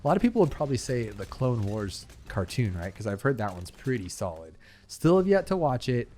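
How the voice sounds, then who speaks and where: Very animated and brisk, a young man who hosts a gaming channel talks through a video game in a medium-pitched voice with a dark tone. A little hiss or hum is audible, and his chatty rambling is full of fillers and asides.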